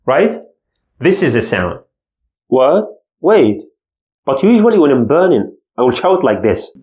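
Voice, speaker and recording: Male language teacher, slow and lively delivery, echoey room. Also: medium pitch. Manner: slow, demonstrates letter sounds from the throat. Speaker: Arabic teacher. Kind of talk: language lesson.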